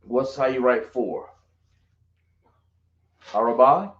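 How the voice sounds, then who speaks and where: A man's voice: medium pitch, slow pace. A man teaching a Hebrew class, quizzing his students and often correcting himself. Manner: drawling, self-correcting, asks the class questions. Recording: echoey, dull lo-fi room recording.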